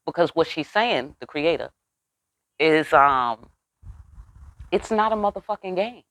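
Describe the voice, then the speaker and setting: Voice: mid-range voice, lively intonation, unhurried, fairly bright tone, no room sound. Tarot reader on a channel, mid-range voice, street-talking and profane, keeps asking "you know what I'm saying?", dry close sound. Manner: asks the listeners rhetorical questions. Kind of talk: casual spiritual reading.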